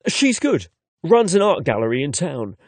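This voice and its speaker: A man's voice: on the high side, very animated, normal speed, no room sound, voice pushed up. A man voicing a chatty, upbeat young man with a London accent in an audiobook. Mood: friendly. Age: young adult. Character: cheerful young London man, eager son.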